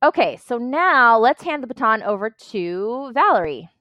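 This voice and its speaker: A woman hosting a podcast, moderating the discussion briskly and handing over to others. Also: on the high side, sing-song, dry recording, dull audio. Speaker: podcast host.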